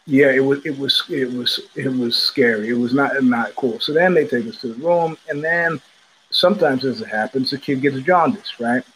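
Animated, profane male podcast host. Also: medium pitch, slight background noise, rough recording. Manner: animated, profane, acts out quoted voices. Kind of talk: casual storytelling monologue. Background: child heard in the background.

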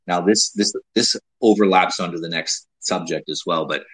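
A man hosting a casual advice talk, speaking in a measured way with frequent restarts and repeated words. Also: low voice, a bit bright, husky, low-quality recording. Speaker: host giving dating advice.

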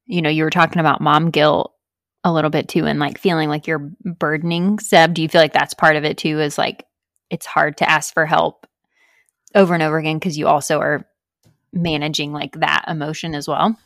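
A woman's voice: deep voice, flat delivery, fairly quick, a bit bright, no room sound, clean studio sound. A woman hosting a podcast, listening closely and asking supportive follow-up questions. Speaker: podcast host. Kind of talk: casual chat.

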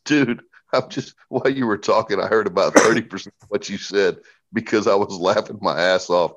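A middle-aged man talking bluntly and profanely as a podcast guest, telling animated stories. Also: fairly low pitch, brisk, lo-fi sound. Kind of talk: casual podcast conversation.

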